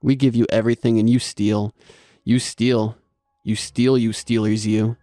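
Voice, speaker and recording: A man's voice: on the low side, level tone, a little slow, mellow, no room sound, clean studio sound, soft background music, lightly acted. A man voicing a spiteful monstrous male creature that screeches, spits and talks in broken phrases. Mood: snarling. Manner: screeching, spitting, broken grammar.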